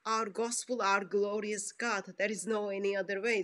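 A woman's voice: mid-range voice, steady tone, measured pace, a bit bright. A woman interviewing a guest and speaking in an emphatic, preacher-like way.

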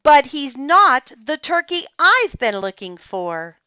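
A woman's voice: mid-range voice, very animated, slow pace, a bit bright, no room sound. A woman voicing a bossy, dramatic young girl in a children's storybook, speaking in a theatrical, insistent way. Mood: indignant. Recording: slightly dull, muffled recording.

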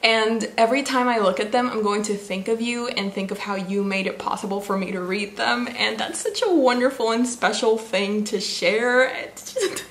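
A woman's voice: on the high side, normal speed, a bit bright. A young woman vlogging about books she was given, gushing and giggly, with lots of fillers. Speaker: book vlogger. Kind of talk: casual vlog unboxing. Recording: echoey room with faint noise.

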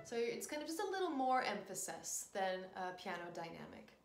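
Young female piano teacher, upbeat mini-lesson delivery, mid-pitched voice, echoey room. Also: very animated, moderate pace, gravelly. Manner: upbeat, encouraging, talks to the student directly.

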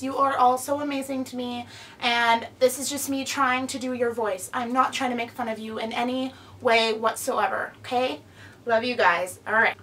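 A woman's voice: sits high, fairly bright tone, distant mic, slight background noise. A young woman hosting her own vlog, chatting casually in a giggly, self-deprecating way. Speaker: vlogger host.

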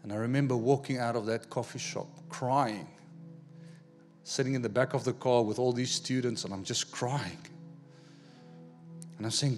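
A man preaching a sermon, telling a personal story in an animated way, acting out the dialogue and repeating words as he goes. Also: medium pitch, normal speed, pauses often, soft background music. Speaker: pastor.

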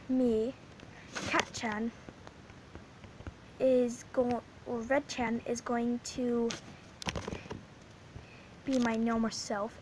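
Female gaming host, rambling, giggly, fairly high voice, slow talk. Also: noisy background. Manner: rambling, giggly, with many restarts. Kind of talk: casual gaming commentary.

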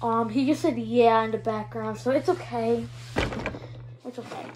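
A woman's voice: on the high side, normal speed, noisy background. A female vlogger showing her toy collection in a hyper, giggly, rambling way. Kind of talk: casual show-and-tell vlog.

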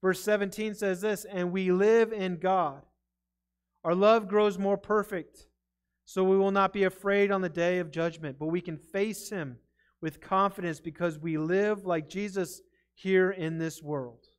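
A man's voice: high voice, fairly even intonation, unhurried, clear, resonant tone. A man preaching a sermon in a church, earnest and conversational, stumbling over his words now and then. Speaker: pastor. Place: church sanctuary.

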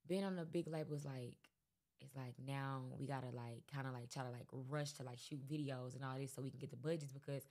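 A woman rapper with a bass voice talks fast as a guest on a podcast. Her casual interview chat is relaxed and rambling, packed with fillers.

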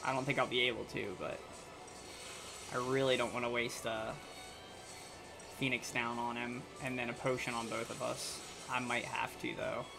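A man's voice: mid-range voice, little pitch movement, normal speed, gravelly, long pauses. A man hosting a gaming channel, giving casual let's-play commentary and thinking aloud to himself in a muttering way. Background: faint game music.

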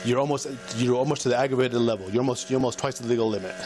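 A man's voice: mid-range voice, rapid-fire. Male police officer on noisy bodycam. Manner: patient, repetitive coaching commands. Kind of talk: bodycam breath test instructions. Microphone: body camera. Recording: noisy body camera audio.

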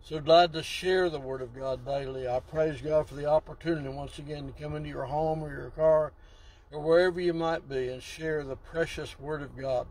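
Fervent higher-voiced male preacher. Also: fairly even intonation, darkish tone, poor audio. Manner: exclamatory, drawn-out emphasis. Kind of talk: sermon.

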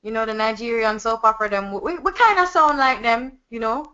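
A woman's voice: fairly high pitch, fairly quick, bright, forceful tone. Playful Jamaican woman co-teaching a webinar. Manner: playful and teasing, laughs easily. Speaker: co-instructor. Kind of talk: joking webinar banter. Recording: dull lo-fi webinar audio.

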